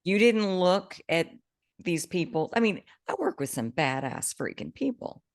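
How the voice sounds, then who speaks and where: A woman co-hosting a podcast, chatting casually and telling an animated story with bursts of excitement. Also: fairly low pitch, measured pace, no room sound, studio quality. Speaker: podcast co-host, coach. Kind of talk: casual chat.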